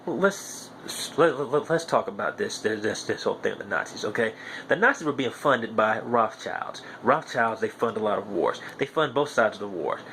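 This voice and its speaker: Ranting young man, lively voice. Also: fairly low pitch, normal speed, slight background noise. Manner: profane, ranting, repeats himself insistently. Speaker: podcast host. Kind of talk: heated monologue.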